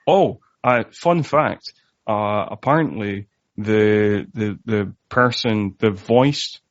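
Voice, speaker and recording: A man's voice: lowish voice, dry recording. A man co-hosting a casual movie podcast, rambling with many fillers and restarts. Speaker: podcast co-host. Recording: dull dry home recording.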